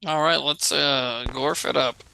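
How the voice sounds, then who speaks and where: A man's voice: medium pitch, steady tone, measured pace, creaky, sharp tone, clear, resonant tone, dry recording. A man, a father, co-hosting a casual livestream and asking puzzled questions. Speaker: podcast co-host.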